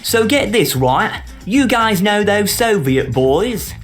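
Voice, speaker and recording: A man putting on a high cockney schemer. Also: very animated, slow pace, fairly bright tone, faint music behind, full character voice. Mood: scheming. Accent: put-on London cockney. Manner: slangy, conspiratorial, pushy. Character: scheming cockney British businessman, rich, slangy.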